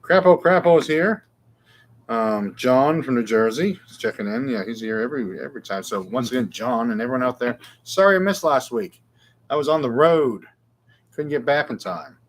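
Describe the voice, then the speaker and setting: A man's voice: mid-range voice, animated, moderate pace, slight background noise. A middle-aged man, hosting a casual live guitar Q&A with rambling, self-deprecating chat. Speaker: guitar shop show host.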